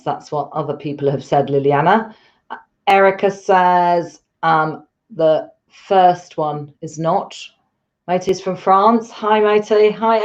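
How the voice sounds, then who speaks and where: A woman's voice: lowish voice, a little mellow, highs cut off. A woman teaching a live online English lesson, patient and encouraging as she explains step by step.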